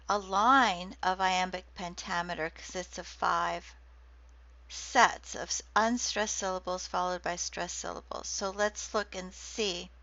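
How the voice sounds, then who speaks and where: A woman giving a recorded lecture on poetry, speaking deliberately and reading quoted verse slowly. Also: mid-range voice, bright, forceful tone. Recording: dull lo-fi dry recording.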